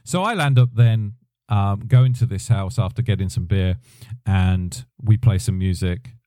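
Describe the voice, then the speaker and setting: A man's voice: fairly low pitch, a little slow, warm tone, no room sound, clean studio sound. A middle-aged man telling a rambling personal story on his podcast, often correcting himself as he goes. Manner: rambling, self-correcting, chatty. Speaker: podcast host, drummer. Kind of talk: casual storytelling.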